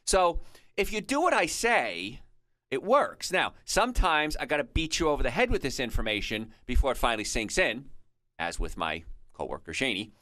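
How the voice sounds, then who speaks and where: Lively, bright-voiced male radio health host. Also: medium pitch, normal speed, no room sound. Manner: explanatory, chatty storytelling with asides. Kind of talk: conversational radio health talk.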